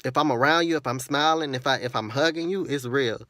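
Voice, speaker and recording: A man's voice: mid-range voice, a little fast, bright, forceful tone, dry recording. A man, talking earnestly and at length to his viewers in a personal vlog, venting about a friend. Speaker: vlogger.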